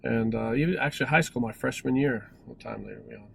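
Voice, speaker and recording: A man's voice: medium pitch, fast, vocal fry, slight background noise, low-quality recording. A man in his forties telling a personal story in a casual, rambling way, with many restarts and self-corrections. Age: 40s. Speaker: vlogger.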